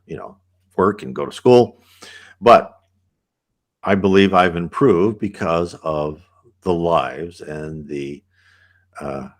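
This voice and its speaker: A deep, low-pitched American man talks through viewer questions in a loose, rambling way. He circles back on himself, pauses on fillers, and keeps checking in with a quick "right?" as he explains. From United States. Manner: rambling, conversational, often asks "right?". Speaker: channel host. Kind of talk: casual talk answering viewer questions.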